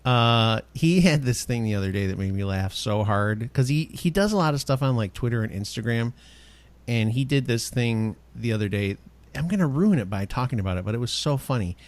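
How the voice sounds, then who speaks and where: A man's voice: medium pitch, expressive, fairly quick. A man hosting a podcast in casual chat, telling stories with animation and laughing often. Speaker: podcast host.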